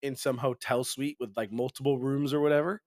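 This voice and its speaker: A man's voice: mid-range voice, fairly even intonation, brisk, darkish tone, no room sound, studio quality. A man co-hosting a casual podcast, telling a rambling story with lots of laughs and quoted back-and-forth. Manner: rambling storytelling, laughing often, quoting himself and others. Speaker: podcast co-host.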